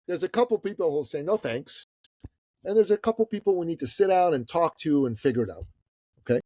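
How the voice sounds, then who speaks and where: A fifty-something man from Iran spins a long anecdote as a podcast guest, his voice leaping up and dropping low as he acts out the moments. He talks casually and bluntly, swearing and tossing in "bro" and "okay?", on a dry close mic. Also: lively intonation, brisk, dark tone, dry recording. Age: 50s. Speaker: guest, business coach. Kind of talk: storytelling in a podcast interview.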